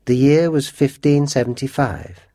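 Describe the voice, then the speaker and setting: A man voicing an ominous old housekeeper woman with a raspy voice and gloomy, warning tones. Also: mid-range voice, normal speed, warm tone, dry recording, studio quality, pitched above the performer's own voice, lightly acted.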